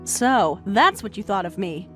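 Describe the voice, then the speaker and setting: A woman voicing a polite, patient young wife in a dramatized text-message story, speaking gently and calmly. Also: medium pitch, a little slow. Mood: mild. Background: faint music.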